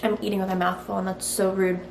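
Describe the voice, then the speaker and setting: A woman's voice: mid-range voice, little pitch movement, fast, gravelly. A woman testing a recipe in her home kitchen for a cooking vlog, chatty and frank, thinking aloud as she goes. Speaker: cooking vlogger. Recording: roomy kitchen echo, faint hiss.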